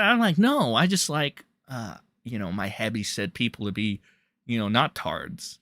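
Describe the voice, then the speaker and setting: A man talks on a casual livestream, reading chat aloud and riffing on it in a crude, mocking, rambling way. His bright voice swings up and down a lot. The sound is dry and close. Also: medium pitch, lively intonation, slow, long pauses, no room sound.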